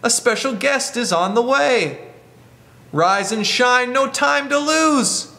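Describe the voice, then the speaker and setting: Man voicing little William, cheery small male, high sing-song rhyming calls, slow and lilting. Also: animated, vocal fry, sharp tone, exaggerated voice. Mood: cheerful.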